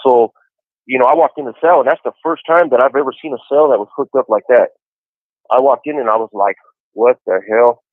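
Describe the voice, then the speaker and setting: A man's voice: medium pitch, fast talker, no echo. Easygoing man on a tinny phone line. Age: 40s. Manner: easygoing storyteller, many "you know" fillers. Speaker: incarcerated caller on a podcast. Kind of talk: casual phone chat. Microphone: phone handset.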